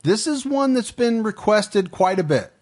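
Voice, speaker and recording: A male podcast host with a voice sitting a touch higher than most men's, talking casually with a co-host. He goes through supporter names and then the facts of a case in a dry, matter-of-fact manner. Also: animated, a little slow, darkish tone. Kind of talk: casual true crime podcast chat.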